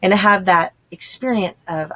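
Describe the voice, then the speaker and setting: A woman's voice: mid-range voice, normal speed, fairly bright tone. A woman, talking casually and chattily to homeschooling parents, acting out quoted voices as she explains. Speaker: homeschool channel host.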